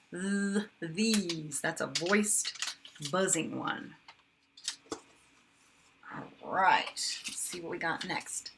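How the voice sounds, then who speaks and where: A kindergarten teacher, a woman, sounding out words slowly and with exaggeration for young children in a phonics lesson. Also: on the low side, sharp tone, slight background noise.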